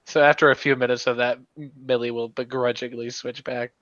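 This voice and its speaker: A man's voice: mid-range voice, flat delivery, brisk, a bit bright, no echo, muffled recording. A man playing in a tabletop game, chatting loosely and laughing as he speaks. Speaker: player. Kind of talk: casual tabletop game play.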